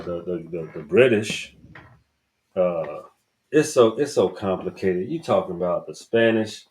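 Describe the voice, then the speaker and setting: A man's voice: deep voice, darkish tone, rough recording. A man with a Southern US accent hosting a podcast, giving a casual book review in a rambling, emphatic way and swearing freely. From Southern United States. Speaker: podcast host.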